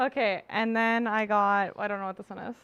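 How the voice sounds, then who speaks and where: Giggly young woman, smooth voice. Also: mid-range voice, fairly even intonation, a little fast, fairly bright tone, muffled recording. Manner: bubbly, giggly storyteller with lots of fillers. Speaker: podcast co-host. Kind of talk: casual chat.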